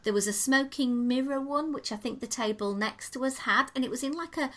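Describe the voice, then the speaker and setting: A woman tells a podcast co-host all about a restaurant visit. Her voice is bright and forward, and she talks in an easy, enthusiastic way, painting each detail as she goes. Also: sits high, fairly quick. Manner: chatty, descriptive, enthusiastic storytelling. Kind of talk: casual chat, restaurant review.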